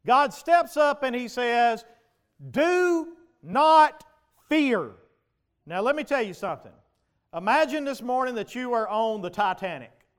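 Preacher guy, high voice, keeps asking the crowd stuff and gets loud and fired up. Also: animated, normal speed, clean tone. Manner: preaching with rhetorical questions to the congregation, rising to shouts. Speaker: pastor. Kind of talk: sermon.

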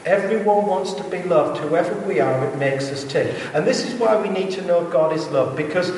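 A man preaching a sermon in a church, earnest and conversational with quick asides. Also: high-pitched, darkish tone, slight background noise. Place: church hall. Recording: echoey hall, heard from a distance.

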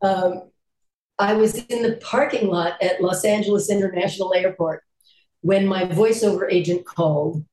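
A woman's voice: medium pitch, steady tone, normal speed, mellow, reverberant, rough recording. An older woman, an actress and voice actor, telling stories in a casual interview and laughing often as she talks.

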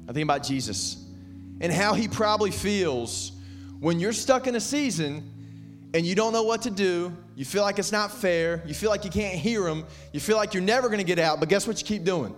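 A man giving an earnest, lively youth sermon and leading a prayer. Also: high voice. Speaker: youth pastor.

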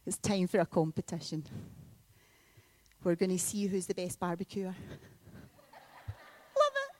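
A woman preaching a sermon in a church, telling a story with lively bursts of loud emphasis. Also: fairly low pitch, takes it slowly, long pauses, dry recording. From Scotland. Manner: animated storytelling with sudden loud peaks.

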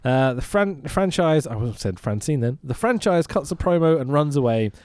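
A man's voice: fairly high pitch, animated, normal speed, darkish tone, no echo, studio quality. A man co-hosting a casual film review podcast, sweary and sarcastic, often mock-quoting the characters. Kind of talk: casual chat.

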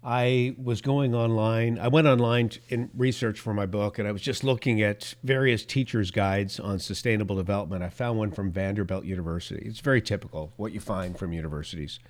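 Sarcastic man with a lowish voice. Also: a little fast, few pauses. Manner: sarcastic, heats up then reins himself in, chuckles at his own points. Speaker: podcast host. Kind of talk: political commentary monologue.

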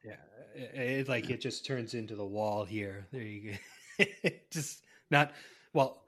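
A man co-hosting a casual podcast, laid-back and trailing off quietly. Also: fairly low pitch, a little slow. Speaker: podcast co-host.

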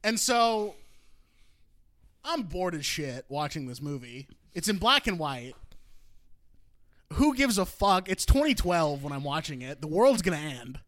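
A man in his twenties telling a profane comic story on a podcast, animated and prone to shouting out his own outbursts. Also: fairly high pitch, a little slow, pauses often, no room sound, studio quality.

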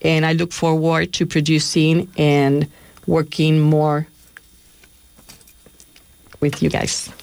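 A woman's voice: deep voice, monotone, slow, creaky, long pauses, darkish tone. A woman co-hosting a community radio show who speaks earnestly and encourages listeners to join. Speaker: radio apprentice co-host. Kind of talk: casual radio chat. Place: radio studio.

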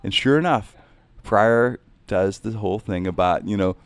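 A man's voice: on the low side, normal speed, dry recording. A man, a comedian, talking in a casual interview, rambling and reflective, often saying "man.".

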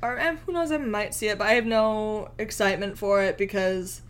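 A chatty woman co-hosts a casual fan podcast. She talks in a loose, rambling way, often slipping into little acted-out quotes, with a voice that sits at an ordinary middle pitch. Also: fairly quick. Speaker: podcast co-host.

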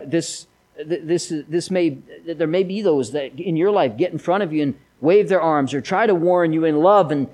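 A man's voice: a little high, a little mellow, rough recording. A man preaching a sermon, mixing folksy stories with emphatic appeals. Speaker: pastor.

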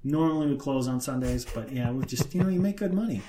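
A man's voice: mid-range voice, lively intonation, fast, a crowd in the background. A man chatting casually on a podcast, making dry sarcastic jokes. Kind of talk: casual chat.

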